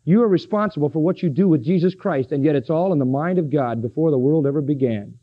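A man's voice: fairly high pitch, fast. A man preaching a sermon with emphasis, asking his listeners questions and answering them. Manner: emphatic, asks the congregation questions. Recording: dull lo-fi recording.

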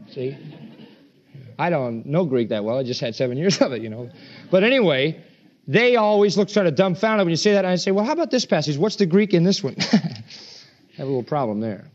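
Emphatic high-voiced male preacher. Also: animated, fairly quick. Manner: emphatic, acts out quoted voices with rising pitch. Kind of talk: sermon. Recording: dull lo-fi sermon recording.

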